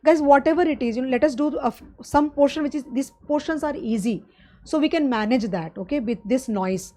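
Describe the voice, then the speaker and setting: Her pitch is well above the typical woman's, and she speaks briskly with an Indian English accent while teaching exam finance in a live online class. Explaining steps plainly, she keeps checking on her students, calling them "guys," as loud festival drums pound outside.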